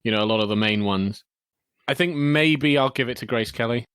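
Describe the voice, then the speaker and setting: A man's voice: mid-range voice, fairly quick, a bit bright, clear, resonant tone, dry recording, clean studio sound. A man co-hosting a film podcast, talking hesitantly with many fillers and agreeable asides. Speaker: podcast co-host. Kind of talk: casual film review chat.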